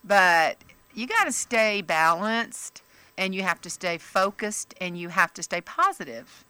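A middle-aged woman comedian, telling stories in a lively interview and jumping into high voices when she quotes people. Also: a little slow, clean tone, no room sound. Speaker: comedian and author, interview guest. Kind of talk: casual interview chat.

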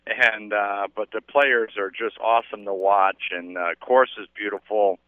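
Interviewed live on the radio from outdoors, a man who organizes a golf tournament rambles enthusiastically, peppering his speech with fillers. His voice is fairly low and steady at a measured pace, with no echo, though the audio comes through as tinny phone-line sound.

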